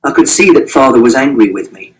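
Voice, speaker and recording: A man's voice: medium pitch, lively intonation, fairly quick, far from the mic, low-quality recording. A man reading a novel aloud in first person, in a plain, matter-of-fact, literal way. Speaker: audiobook reader.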